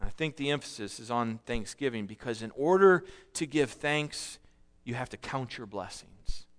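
Earnest male preacher, measured delivery. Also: mid-range voice, lively intonation. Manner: earnest, measured preaching with frequent repetitions and restarts. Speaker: pastor. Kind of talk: sermon.

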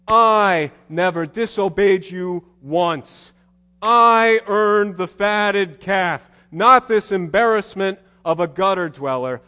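A man's voice: medium pitch, close to an everyday voice. A man voicing a bitter, resentful elder brother who complains in a pointed, indignant way. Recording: long hall reverb.

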